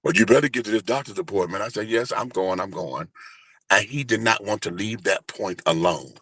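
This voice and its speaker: A man in his forties telling a personal story in an animated, flamboyant, profane way during a casual interview. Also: lowish voice, a little fast, slightly rough, dry recording. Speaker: guest, entertainer and radio host.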